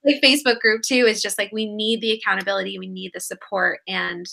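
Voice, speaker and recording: Bright, chatty woman hosting a live chat. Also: medium pitch, steady tone, a little fast, gravelly, a little hiss or hum. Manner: chatty, lots of "like" and "um" fillers. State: morning voice, slightly husky. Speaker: host of a live writers workshop. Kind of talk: casual live video chat.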